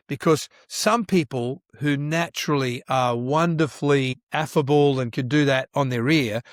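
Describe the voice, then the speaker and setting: A man guesting on a church-leadership podcast, telling stories with lively acted-out dialogue and frequent restarts. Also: a little high, no room sound, clean studio sound. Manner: animated storyteller who acts out quoted dialogue; frequent restarts and repeated words. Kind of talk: conversational podcast interview.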